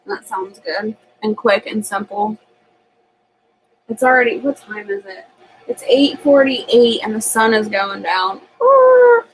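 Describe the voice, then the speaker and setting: A woman's voice: medium pitch, unhurried, slight background noise, poor audio. A woman hosting a homestead channel, chatting casually on a live stream from her home kitchen and laughing often as she reads viewer comments.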